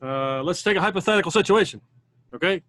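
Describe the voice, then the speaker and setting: Clipped, slightly high male player. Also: expressive, fast, fairly bright tone. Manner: terse, clipped in-character lines. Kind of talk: in-character tabletop role-play.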